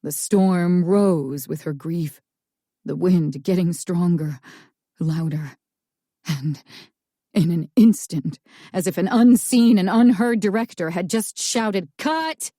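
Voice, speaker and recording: A woman narrating a first-person thriller audiobook in a slow, tense storytelling manner. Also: on the low side, mellow, dry recording, clean studio sound.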